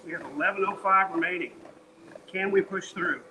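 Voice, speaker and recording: A man's voice: sits high, fairly even intonation, a little fast, bright, forceful tone, slight background noise, low-quality recording. Tired, sweaty man chatting on a treadmill. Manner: reads chat messages aloud and jokes between workout stats. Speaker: streamer. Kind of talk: casual live-stream chat while walking on a treadmill. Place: home, on a treadmill.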